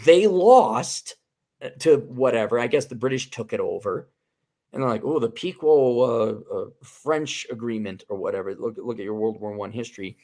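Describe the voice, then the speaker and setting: A man's voice: medium pitch, normal speed, darkish tone. A man hosting a casual podcast chat, ranting heatedly with swearing and frequent restarts. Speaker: podcast host.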